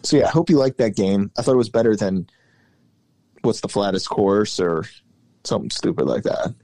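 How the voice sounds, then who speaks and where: Male co-host, playful and teasing, low voice with lots of swing. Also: lively intonation, moderate pace, dark tone. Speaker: podcast co-host. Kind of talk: casual chat.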